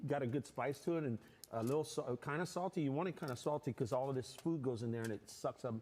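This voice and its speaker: A middle-aged man, a guest cook, explaining his cooking step by step in a relaxed, rambling way. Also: medium pitch, fast, slight background noise. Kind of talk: casual explanation.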